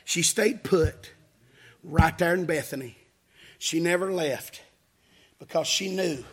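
A man preaching a fiery revival sermon, shouting in a chanting cadence with frequent hallelujahs and calls to the congregation. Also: fairly high pitch, breathy edge. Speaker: pastor.

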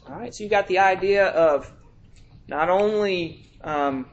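A man with a high-pitched voice preaches a sermon. His talk is conversational and he often checks in with the congregation. When he reads scripture, he slows right down and stretches out each phrase for emphasis. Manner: reads scripture aloud in slow, drawn-out emphasis.

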